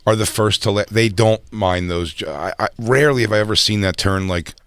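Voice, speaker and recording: A man with a fairly low voice hosts a casual comedy chat, rambling through stories with restarts and plenty of swearing. The sound is dry and close, with no room around it. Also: brisk, a bit bright, clear, resonant tone, no room sound. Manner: loose, profane storytelling with restarts. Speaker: podcast host.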